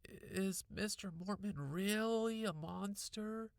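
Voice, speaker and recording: Casting: man playing a small boy, high and eager, storybook reading. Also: sing-song, takes it slowly, vocal fry, bright, forceful tone, smooth, dry recording, studio quality, full character voice. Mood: curious. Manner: eager, wide-eyed questions. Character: small curious little boy.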